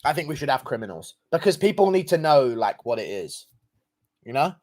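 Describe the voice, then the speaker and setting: Dude streaming, thanking donors, chill and rambly, swears a lot, ordinary mid voice. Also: male voice, medium pitch, sing-song, fairly quick, a little mellow. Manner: laid-back, profane, rambling with fillers. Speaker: livestream host reading donations. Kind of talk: casual livestream chat.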